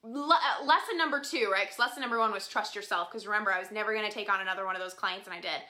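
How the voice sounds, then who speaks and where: Bright-voiced chatty young woman. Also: mid-range voice, racing. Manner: chatty, frequent "like" fillers, laughs often. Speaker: vlogger. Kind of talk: casual storytelling to viewers.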